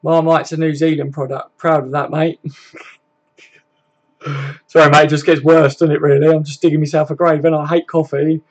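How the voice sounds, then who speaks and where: A man's voice: a little high, flat delivery, moderate pace, long pauses, lo-fi sound. A young British man hosting a casual live stream from home, chatting loosely, swearing often and tagging his sentences with "mate" and "innit". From Britain. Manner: laddish, swears a lot, tags questions with mate. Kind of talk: casual live chat reading comments. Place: home room with desk and sofa.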